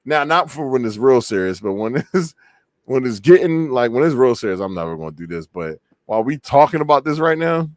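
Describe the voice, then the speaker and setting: A man's voice: medium pitch, expressive, a little fast, no room sound, clean studio sound. A man hosting a podcast, chatting casually, teasing his co-host and laughing a lot with slang. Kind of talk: casual chat.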